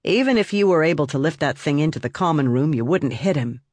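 Narrator as a stern, sharp-tongued woman innkeeper in an audiobook, dry close sound. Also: mid-range voice, lively intonation, quick pace, no room sound, natural voice. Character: stern woman innkeeper guarding her home.

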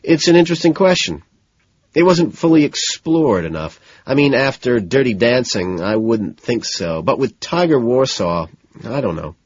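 A man's voice: medium pitch, big pitch swings, normal speed, slightly rough, highs cut off, voice pushed up. A man voicing an anxious young man who talks in a nervous, breathless rush.

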